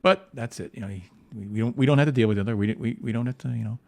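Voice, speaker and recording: A man's voice: medium pitch, racing, gravelly. A man, a comic book artist, talking casually on a livestream while painting, rambling with frequent restarts and lots of "you know".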